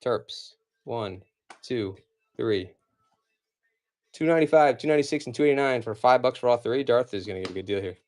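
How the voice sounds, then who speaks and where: Running a casual live comic auction, an American man in his forties talks very fast with hardly any pauses. His ordinary mid-range voice is a little mellow, and he drifts between thoughts, leaning heavily on "like" and "you know".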